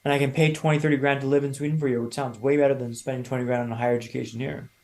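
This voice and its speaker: A man in his thirties from Canada, a podcast guest telling his own story in a lively, casual way and acting out other people's lines. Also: medium pitch, very fast, vocal fry. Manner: animated storyteller, acts out quoted voices.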